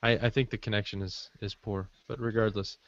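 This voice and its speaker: A man's voice: lowish voice, fairly even intonation, brisk, fairly bright tone, dry recording. A man co-hosting a casual podcast chat, rambling with frequent fillers, heard over muffled call audio. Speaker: podcast co-host.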